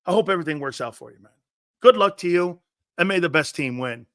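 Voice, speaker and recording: A man's voice: a little high, animated, fast, fairly bright tone. A man mocking a timid, fawning football lineman. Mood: meekly polite. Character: meek, overly polite male football lineman.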